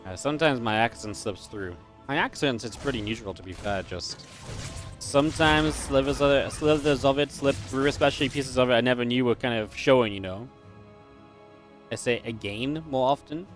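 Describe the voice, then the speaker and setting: Northern english guy, light geordie accent, chatty esports caster, mid-pitched voice, faint music in the back. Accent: mild Geordie. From Northern England. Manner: chatty and laid-back between plays, quick and lively during fights. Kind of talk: live game commentary with casual chat.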